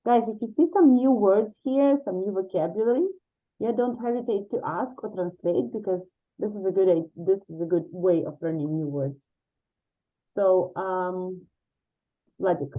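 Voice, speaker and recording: A woman's voice: medium pitch, normal speed, warm tone, dull audio. A woman teaching an English grammar lesson over a video call, encouraging and explaining with repeated examples.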